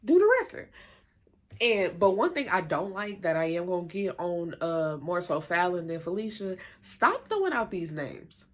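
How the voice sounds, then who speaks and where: Woman, lowish voice, chatty and opinionated TV recap. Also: very animated. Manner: chatty, opinionated, many fillers; retells scenes in quick quoted voices. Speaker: TV recap reviewer. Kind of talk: casual recap commentary.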